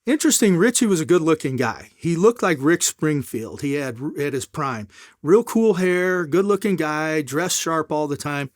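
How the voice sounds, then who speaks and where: A middle-aged man tells his story as an interview guest with a lot of life, his pitch swinging up and down as he acts out the people in it. His voice sits a bit high for a man. The sound is close-miked and dry. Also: expressive, moderate pace, no room sound.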